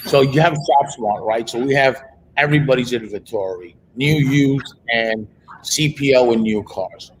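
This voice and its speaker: A man's voice: mid-range voice, moderate pace, a little hiss or hum, rough recording. A man hosting an interview, talking conversationally and often checking in with "right?". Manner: conversational, asks questions with frequent "right?". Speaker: host. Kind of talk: interviewing a guest.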